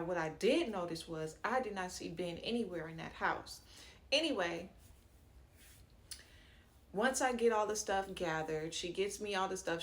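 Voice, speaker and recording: A woman telling a personal story to her viewers in a chatty, slangy way, stopping for fillers and asides and acting out what people said. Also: fairly low pitch. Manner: chatty and slangy, acts out quoted dialogue. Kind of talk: casual storytime narration.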